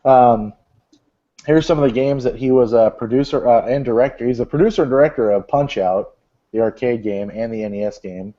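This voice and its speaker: A man's voice: medium pitch, fairly quick, warm tone. A man hosting a casual podcast, reading out gaming news in a rambling, joking way with lots of fillers. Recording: dull lo-fi podcast audio.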